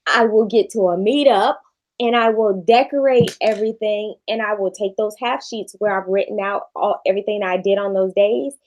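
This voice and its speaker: A woman, a shop owner chatting casually and telling animated, playful stories. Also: medium pitch, moderate pace, low-quality recording. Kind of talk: casual chat.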